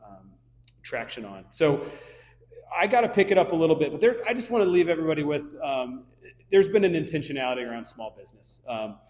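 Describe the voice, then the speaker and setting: A man's voice: medium pitch, long reverb tail. A middle-aged man from Kansas City telling a casual, anecdotal story in a speech to a luncheon audience, with frequent ums and restarts. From Kansas City area. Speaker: luncheon speaker. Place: banquet hall.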